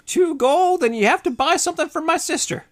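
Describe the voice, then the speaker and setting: A man voicing a pushy old female hag shopkeeper who calls customers sweetie and sonny in a high sing-song voice. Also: a little fast, fairly bright tone. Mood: haggling.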